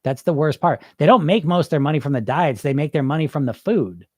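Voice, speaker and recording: A man's voice: fairly high pitch, animated, fast, a little mellow, dry recording, clean studio sound. A man hosting a weight loss coaching podcast, talking casually and energetically with frequent restarts and asides while answering listeners live.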